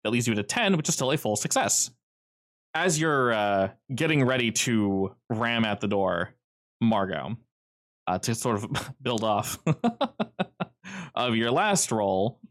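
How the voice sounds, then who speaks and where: A man's voice: mid-range voice, fairly bright tone. A man running a tabletop game as game master, narrating in a rambling, easygoing way full of fillers.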